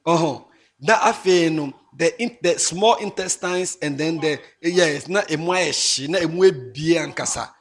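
A man giving a moral talk to students, animated and mixing English with local phrases, rising to emphatic shouts. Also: fairly high pitch, moderate pace. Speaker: speaker addressing students. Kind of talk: moral talk to young people.

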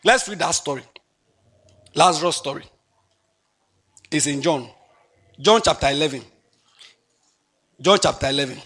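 Animated husky high-pitched male preacher. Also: measured pace, pauses often. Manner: animated, lilting scripture reading with dramatic swings. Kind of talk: sermon.

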